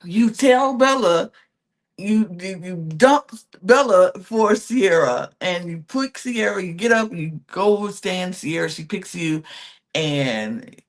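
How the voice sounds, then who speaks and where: A woman co-hosting a podcast, recapping reality TV in a sassy, animated chat and laughing often. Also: on the low side, slow pace. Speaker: podcast co-host.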